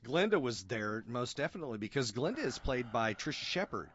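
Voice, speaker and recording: A man's voice: medium pitch, sing-song, brisk, a bit bright, muffled recording, slight background noise. A man talking as a theater director guest, telling jokey, self-deprecating stories in a casual interview.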